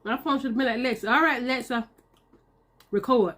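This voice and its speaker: A woman's voice: on the high side, moderate pace, a bit bright. A woman, chatting casually to her viewers while eating. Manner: chatty, talks to viewers as y'all, Southern US slang. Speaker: mukbang vlogger.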